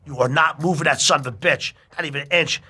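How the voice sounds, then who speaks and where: Animated, profane middle-aged man storyteller. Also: a little high, fast, breathy edge. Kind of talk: casual chat.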